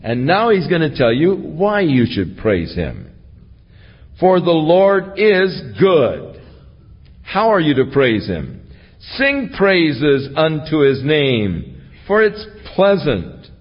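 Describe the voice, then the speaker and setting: A man's voice: on the high side, huge pitch swings, takes it slowly, breathy edge, long reverb tail, highs cut off. A man preaching an expository sermon, reading scripture aloud and then explaining it verse by verse. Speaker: pastor.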